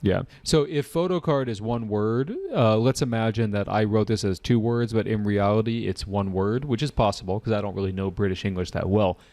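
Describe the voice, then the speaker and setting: An American man teaching an IELTS class online and taking student questions, relaxed and repeating key points. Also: lowish voice, fairly quick, hardly any pauses. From United States.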